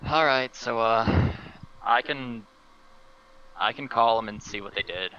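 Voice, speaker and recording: A man playing his character in a tabletop game, talking hesitantly with stammers and sudden leaps in pitch. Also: unhurried, lo-fi sound, slight background noise. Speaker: player.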